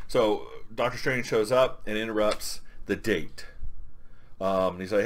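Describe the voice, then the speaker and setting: A man's voice: lowish voice, measured pace, long pauses. A man reviewing a comic in a casual, rambling way, with lots of fillers.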